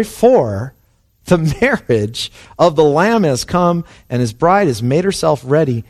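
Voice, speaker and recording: A man preaching a sermon with passion, his delivery dropping to hushed and rising to soaring. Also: fairly high pitch, big pitch swings, slow. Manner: impassioned, swings between hushed and soaring. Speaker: pastor.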